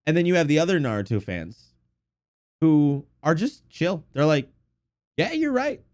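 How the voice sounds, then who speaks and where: A man co-hosting an anime podcast in casual chat, congested from allergies, animated and quick to swear and laugh. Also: a little high. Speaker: podcast co-host.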